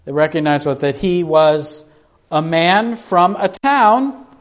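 A man's voice: a little high, expressive, slow pace. A man preaching a sermon in a conversational way, asking his listeners questions and restarting his sentences as he talks off the cuff. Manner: repeats words and restarts when speaking off the cuff.

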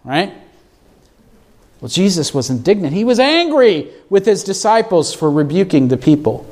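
High-voiced man preaching a sermon. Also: moderate pace. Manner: asks the congregation questions, animated. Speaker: pastor.

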